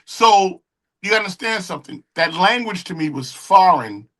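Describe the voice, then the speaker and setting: Man, middle-aged, bright and fairly high voice, animated storyteller, acts out quotes. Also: normal speed. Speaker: guest, music engineer and producer. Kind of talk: casual interview storytelling.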